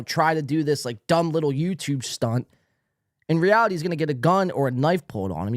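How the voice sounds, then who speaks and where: Sarcastic, swearing podcast host with a lively voice. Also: male voice, fairly high pitch, no room sound, clean studio sound. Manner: sarcastic, mocking, heavy swearing. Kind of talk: reaction commentary on clips.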